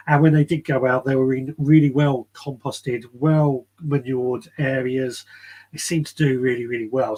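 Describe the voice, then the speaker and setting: A man's voice: mid-range voice, darkish tone, husky. A man hosting a casual live gardening chat from his shed, rambling and friendly, reading out viewer comments. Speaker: podcast host.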